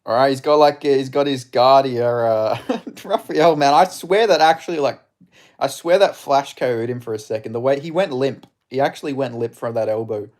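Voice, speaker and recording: A man streaming live fight commentary, excitable and swearing, chatting with his viewers between rounds. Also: mid-range voice, normal speed.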